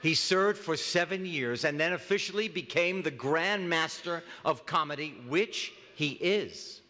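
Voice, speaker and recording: A middle-aged man speaking as master of ceremonies at an awards event, joking with many halting restarts. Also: fairly high pitch, bright, forceful tone, a faint crowd. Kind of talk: comic awards-ceremony emcee speech. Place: large hall at an awards ceremony. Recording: long reverb of a large hall.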